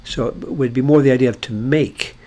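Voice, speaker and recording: A man's voice: medium pitch, a little fast, mellow. A man teaching a language lesson in a casual explanatory way, thinking aloud with many fillers and restarts. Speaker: Hebrew teacher.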